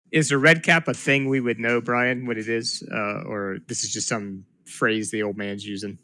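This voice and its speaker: Bright-voiced wry male player. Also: mid-range voice, fairly even intonation, measured pace, dry recording. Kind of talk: tabletop role-play chat.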